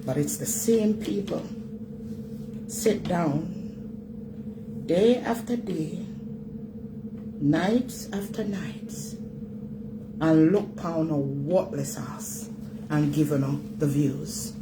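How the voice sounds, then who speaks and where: A Jamaican woman delivers a scolding rant in thick Patois at an unhurried pace, hammering each point home with repetition. Her voice is mid-pitched, with only a faint hiss of noise behind it. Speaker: vlog host. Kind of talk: ranting commentary.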